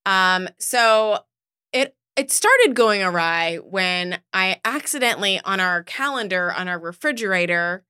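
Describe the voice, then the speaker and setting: A woman's voice: medium pitch, measured pace, smooth. A woman co-hosting a podcast, telling a family story in casual chat and acting out the people in it. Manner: animated storyteller, acts out voices. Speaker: podcast co-host.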